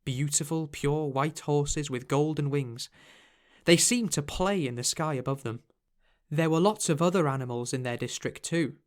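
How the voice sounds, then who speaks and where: A man reading a fantasy novel aloud in measured, scripted storytelling. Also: fairly high pitch. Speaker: audiobook narrator. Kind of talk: scripted narration.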